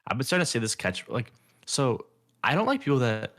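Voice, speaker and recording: A man's voice: medium pitch, very animated, fairly quick, a bit bright. A young man co-hosting a casual podcast chat, telling rambling stories full of fillers and mock-quoting the people he talks about. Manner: rambling, filler-heavy storytelling with mocking quoted voices. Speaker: podcast co-host.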